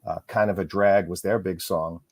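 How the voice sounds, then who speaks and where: Low-voiced middle-aged guy rattling off road stories fast, lots of ums, dry close sound. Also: steady tone, no room sound. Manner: fast, rambling storyteller with frequent fillers. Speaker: musician guest, bass player and author. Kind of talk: casual interview chat.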